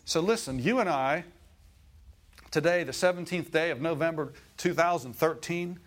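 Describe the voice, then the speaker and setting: A middle-aged man preaching a sermon in church, folksy and animated, chuckling often and calling out for amens. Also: on the high side, moderate pace.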